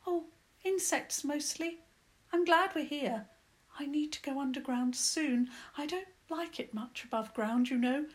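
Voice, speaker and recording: A woman's voice: sits high, unhurried, pitched above the performer's own voice. A woman voicing a tiny, nearly blind male mole who stammers and frets, in a children's storybook reading. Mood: eager. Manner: stammering, earnest and fretful.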